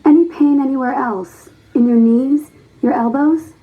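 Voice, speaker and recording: An actress playing a polite, attentive nurse questioning a patient in a textbook listening dialogue. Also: female voice, high-pitched, unhurried, narrow, tinny audio.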